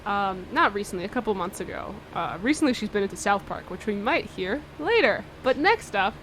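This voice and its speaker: A woman's voice: medium pitch, big pitch swings, fairly quick, fairly bright tone, slight background noise. A young woman hosting a casual college radio show, chatty and bubbly, laughing often.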